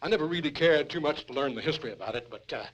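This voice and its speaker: An older man spins his hobo tale in a rambling, cursing, folksy drawl. His voice sits a little high for a man. The sound is muffled 1970s film audio with a faint hiss and distant train noise behind. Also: expressive, rapid-fire. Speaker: hobo telling his story. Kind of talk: rough storytelling documentary interview. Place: in a cave.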